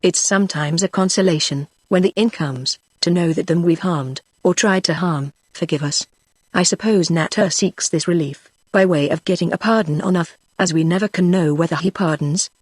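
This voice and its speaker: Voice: mid-range voice, dry recording, clean studio sound, natural voice. A text-to-speech voice reading the lines of a young male frontier hunter who speaks in an earnest, rustic backwoods dialect. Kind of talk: synthetic audiobook reading.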